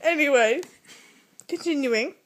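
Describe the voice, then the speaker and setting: American girl telling a story to the camera, high voice, lots of "like", animated and giggly. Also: a little slow. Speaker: vlogger. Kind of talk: casual storytelling.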